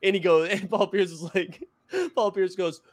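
A man's voice: sits high, fairly even intonation, normal speed. A man co-hosting a casual sports talk show, telling anecdotes animatedly and laughing through them. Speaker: podcast co-host.

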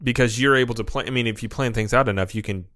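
Guy cohosting a podcast, chatty storyteller, super dry close mic, mid pitch. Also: fast, fairly bright tone, dry recording. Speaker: podcast co-host. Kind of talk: casual chat.

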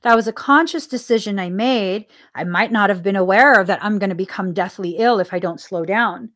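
A woman's voice: mid-range voice, a little fast, fairly bright tone. A woman hosting a spiritual podcast, musing earnestly about her own life, asking herself questions and laughing often. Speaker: podcast host. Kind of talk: reflective spiritual talk.

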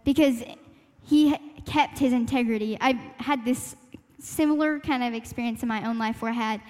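High-voiced young woman in a reverberant hall. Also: moderate pace, a little mellow. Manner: reflective, laughs lightly, talks through her thoughts with fillers. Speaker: panel speaker sharing a testimony. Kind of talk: earnest church youth talk.

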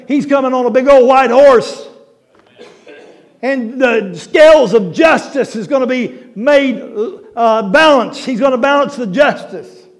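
High-voiced folksy male preacher. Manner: folksy storytelling preacher, rising to emphatic shouts. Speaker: pastor. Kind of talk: sermon.

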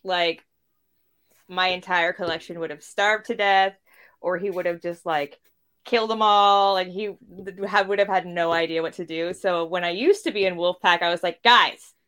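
A woman's voice: lowish voice, steady tone, moderate pace, a bit bright, clean tone. A woman co-hosting a casual chat, talkative and laughing often. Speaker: podcast co-host.

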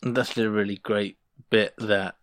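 A man's voice: fairly low pitch, fairly even intonation, unhurried. A man co-hosting a podcast, chatting casually and animatedly as he recaps a sitcom episode. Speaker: podcast co-host.

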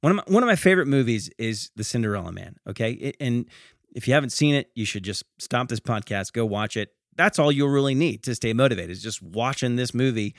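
Brief: middle-aged male podcast host, mid-pitched, casual and chatty, tags lines with questions, dry close-mic sound. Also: expressive, fairly quick, no echo. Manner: chatty, tags lines with "okay?" and "right?", stammers on restarts. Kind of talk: casual motivational podcast talk.

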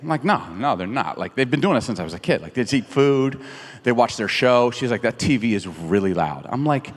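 A man's voice: medium pitch, a little fast. A middle-aged man preaching a sermon in a large theater, telling jokes and acting out quotes with lots of energy. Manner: animated storytelling with jokes and acted-out quotes. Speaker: pastor. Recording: long reverb of a big theater hall.

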